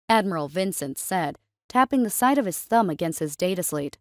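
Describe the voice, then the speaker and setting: A woman reading a science fiction story aloud in a steady, even storytelling voice. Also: on the low side, moderate pace, no room sound, studio quality. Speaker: narrator. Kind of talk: scripted story narration.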